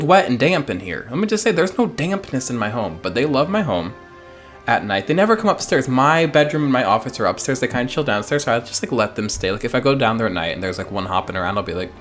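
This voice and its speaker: A man's voice: mid-range voice, fairly bright tone. A man streaming a video game from his home office, chatting casually in a playful, rambling way with jokey asides. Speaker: let's play streamer. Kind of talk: casual gameplay commentary. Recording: faint game music behind.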